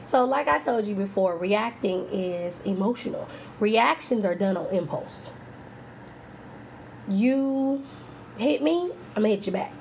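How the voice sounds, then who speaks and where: A woman's voice: medium pitch, normal speed, creaky, a little hiss or hum. Playful woman giving a candid pep talk. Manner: candid and playful, laughs often, quotes herself in voices. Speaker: self-help speaker. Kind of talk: casual motivational talk.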